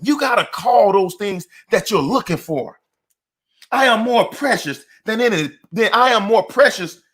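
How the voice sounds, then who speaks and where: A man's voice: high voice, a bit bright, breathy edge. A middle-aged man giving a motivational talk in an emphatic, repetitive, preacher-like cadence. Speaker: motivational speaker.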